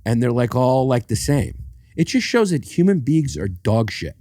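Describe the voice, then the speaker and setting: A man guesting on a podcast in casual comedic chat, with crude jokes and deadpan asides. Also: medium pitch, normal speed, dry recording, studio quality.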